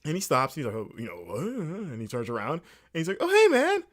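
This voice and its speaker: A man's voice: medium pitch, fast talker. A man hosting a casual games talk show, telling an anecdote with many fillers and restarts and acting out bits of dialogue. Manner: animated storytelling with many fillers and restarts, acting out quoted exchanges. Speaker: host. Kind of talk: casual rambling monologue.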